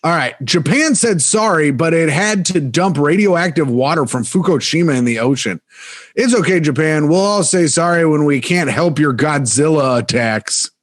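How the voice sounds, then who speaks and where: A man's voice: a little high, expressive. A man co-hosting a comedy podcast, chatting casually, laughing often and stumbling through read-out jokes. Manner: joking, laughs often, reads jokes haltingly. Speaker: podcast co-host.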